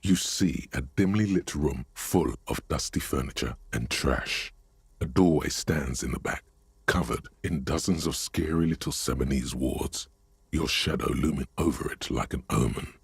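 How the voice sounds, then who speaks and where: Super deep gravelly game narrator guy, husky and dry, slow and ominous. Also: no room sound, heavily acted. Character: ominous deep-voiced male narrator, older, brooding. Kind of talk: video game voice acting.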